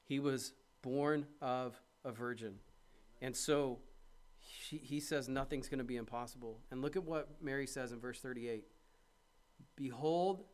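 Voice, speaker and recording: A man preaching a sermon in a conversational way, building to emphatic peaks. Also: mid-range voice. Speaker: pastor.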